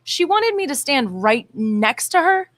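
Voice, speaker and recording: A female singer recounting a backstage story as a guest in a casual chat. Her voice is bright and crisp, and she talks with eager enthusiasm. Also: high voice, big pitch swings, unhurried.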